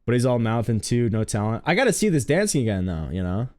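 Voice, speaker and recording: A man's voice: mid-range voice, very animated, fast, a little mellow, no echo. A man streaming live, chatting casually and rambling to his viewers.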